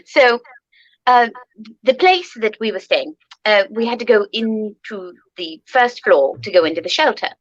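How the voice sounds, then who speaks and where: A woman's voice: mid-range voice, lively intonation, measured pace, no echo, dull audio. A woman in playful in-character chat, telling a story with many ums and gasps. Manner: chatty, frequent ums and gasps. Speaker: performer in costumed character.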